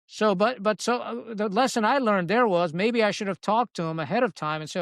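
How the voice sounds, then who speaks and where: A man in a podcast interview, telling frank stories in a blunt, salty, animated way. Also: sits high, a little fast, few pauses, dry recording. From Pakistan. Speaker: podcast guest, retired Marine officer. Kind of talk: candid conversational storytelling.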